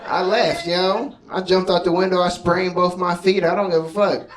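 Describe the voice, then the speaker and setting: A man's voice: sits high, fairly even intonation, moderate pace, far from the mic, a crowd in the background, low-quality recording. A man doing a stand-up comedy set, telling loose stories full of swearing and offhand asides. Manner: loose storytelling, profane, laid-back asides.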